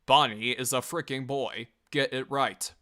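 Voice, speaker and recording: A man's voice: medium pitch, steady tone, a little slow, bright, forceful tone. A man casually reviewing and reading out online comments, rambling, swearing and laughing as he goes. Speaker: video reviewer.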